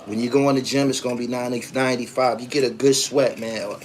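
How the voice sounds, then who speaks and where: A man's voice: medium pitch, steady tone, fast talker, slight background noise. A man in his forties from the East Coast, hosting a podcast in a loose, profane storytelling style as he reads viewer comments and acts out the voices in his stories. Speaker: podcast host. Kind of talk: casual livestream chat reading comments.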